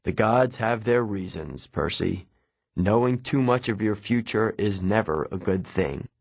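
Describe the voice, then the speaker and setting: A man voicing an older male centaur teacher, measured and gentle, in an audiobook. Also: on the low side, lively intonation, creaky, slightly rough, no echo, full character voice. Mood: grave.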